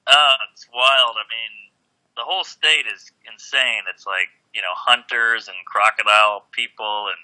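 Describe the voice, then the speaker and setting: A man's voice: medium pitch, fairly even intonation, measured pace, pushed and bright, low-quality recording. A man from New Orleans, a comedian guest joking dryly through a phone interview. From New Orleans, Louisiana. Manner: dry, joking delivery. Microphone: phone call.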